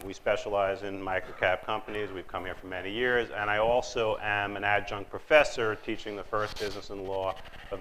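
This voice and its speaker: A man moderating a conference panel, talking in a relaxed, conversational way with fillers. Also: on the low side, a little hiss or hum, rough recording.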